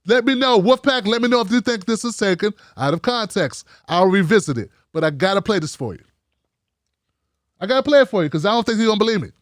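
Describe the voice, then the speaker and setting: A man's voice: high voice, animated, fast talker, no echo, clean studio sound. A man hosting a live show, ranting heatedly and swearing constantly. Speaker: host. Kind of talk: ranting live-stream commentary.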